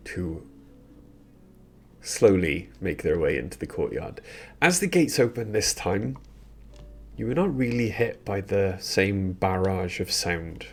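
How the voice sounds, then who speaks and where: Deep-voiced man narrating a tabletop game. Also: a little mellow, breathy edge. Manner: slow, halting narration with many ums. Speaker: dungeon master.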